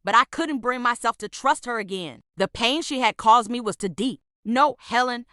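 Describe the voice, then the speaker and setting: Bright, dry-voiced woman reading a story. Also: fairly high pitch, animated, moderate pace, no echo. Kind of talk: scripted story narration.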